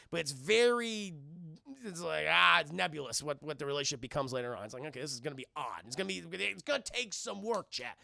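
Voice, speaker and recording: A man's voice: a little high, sing-song, quick pace, creaky, bright, forceful tone, no echo. A man reviewing a cartoon on a live stream, rambling and swearing as he talks to his chat. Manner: rambling, profane, keeps addressing the chat. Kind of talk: casual livestream recap.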